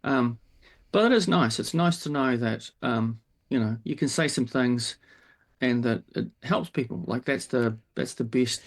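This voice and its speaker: A man's voice: mid-range voice, measured pace. A man, a podcast guest, speaking in an easygoing, reassuring way with frequent restarts. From New Zealand. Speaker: guest, psychologist and TV presenter. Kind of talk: casual interview chat.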